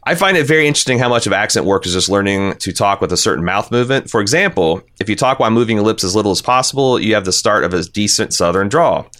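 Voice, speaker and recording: Man, podcast host, low voice, rambling, casual chat. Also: lively intonation, fast, few pauses, fairly bright tone. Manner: rambling, many restarts and fillers.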